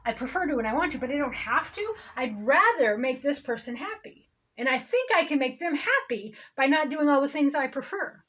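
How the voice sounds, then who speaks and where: Woman, high voice, rambling spiritual monologue to camera, blunt and profane. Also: very animated, a little fast, fairly bright tone, lo-fi sound. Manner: rambling, blunt, swearing, acts out quoted people. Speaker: spiritual vlogger.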